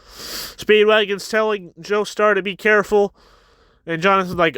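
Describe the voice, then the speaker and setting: A man's voice: high voice, fairly even intonation, fairly bright tone, clean tone, no room sound. A man casually recapping and reviewing a manga chapter, rambling a bit as he retells scenes. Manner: rambling, retells scenes with quick quoted voices.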